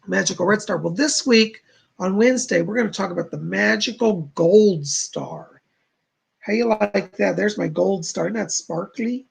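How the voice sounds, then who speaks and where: Male livestream host, rough gravelly voice, breathy edge, chatty and rambling, reads chat aloud. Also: sits high, unhurried. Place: home studio.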